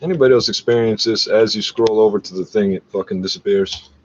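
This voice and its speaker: Low-voiced man, profane rambling rant. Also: fast, muffled recording, slight background noise. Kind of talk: rambling screen-share rant.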